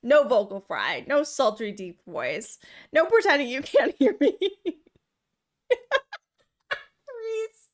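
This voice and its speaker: Giggly high-pitched woman streamer. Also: sing-song, slow pace, long pauses. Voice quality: high-pitched, girly, valley-girl manner. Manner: giggly, chatty, says like a lot. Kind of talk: casual gameplay chat.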